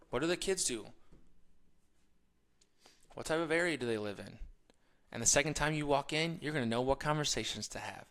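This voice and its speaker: A man hosts a motivational talk with a bright, tense voice at a middle pitch. He tells stories with energy, laughs along with them, and drops to hushed asides before rising to loud emphasis. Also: vocal fry. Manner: energetic storytelling, laughs while telling stories. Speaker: podcast host.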